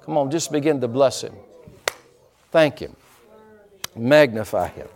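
A pastor delivering a sermon, preaching emphatically and breaking into dramatic shouts. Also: male voice, mid-range voice, animated, measured pace.

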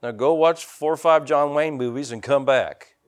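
A man's voice: medium pitch, normal speed. An older man, a pastor preaching a folksy, joking sermon and calling out to his congregation.

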